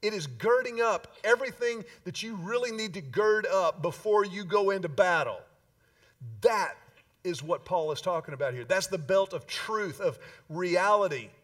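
Preacher, male, high voice, emphatic with dramatic pauses, heard from a distance in the room. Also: expressive, fairly bright tone. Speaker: pastor. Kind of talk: sermon.

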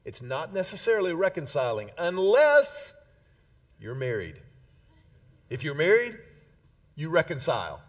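A man's voice: on the high side, sing-song, measured pace, long pauses, dull audio. A man preaching a sermon with punchy, emphatic repetition of key points.

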